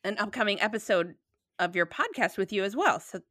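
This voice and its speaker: A bright, animated woman hosts a podcast conversation, chatty and playful and quick to laugh. Her pitch swings widely and her voice sounds dry and close, recorded remotely from home. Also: no room sound. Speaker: podcast host. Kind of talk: casual chat.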